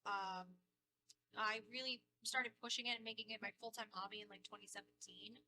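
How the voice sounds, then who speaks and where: A woman's voice: mid-range voice, fairly even intonation, brisk, poor audio. A woman on a convention panel, telling friendly stories in a casual way. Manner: friendly storytelling with quoted asides. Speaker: cosplay guest panelist.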